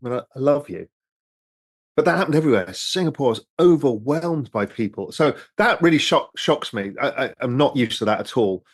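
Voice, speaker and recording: A man hosting a relaxed live stream over drinks, answering viewer questions in a loose, rambling way and swearing freely. His voice sits at a middling pitch and is recorded close and dry, with no room echo. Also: fairly quick, husky. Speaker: host reading viewer questions.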